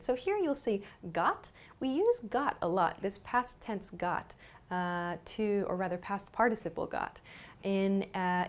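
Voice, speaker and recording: A woman teaching a grammar lesson, explaining slowly and clearly and repeating example sentences. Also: mid-range voice. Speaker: English teacher.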